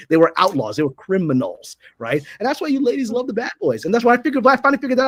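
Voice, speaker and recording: A man's voice: high voice, sing-song, fast, few pauses, fairly bright tone, breathy edge, no room sound. A man, a guest on a podcast, lecturing in a provocative, opinionated way. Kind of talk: casual podcast chat.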